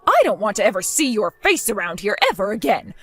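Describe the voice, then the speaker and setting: A woman voicing a spiteful older mother-in-law who insults and orders her daughter-in-law around, in an animated story drama. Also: mid-range voice, fast, husky, faint music behind. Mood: scornful. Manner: insulting, accusing, domineering.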